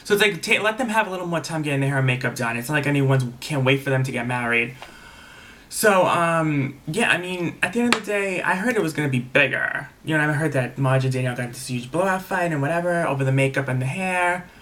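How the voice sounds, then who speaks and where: A man's voice: a little high, expressive, fast, sharp tone. Gossipy man recapping reality TV. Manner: chatty, gossipy, swears casually, lots of "like". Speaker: TV episode reviewer. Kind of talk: casual recap vlog.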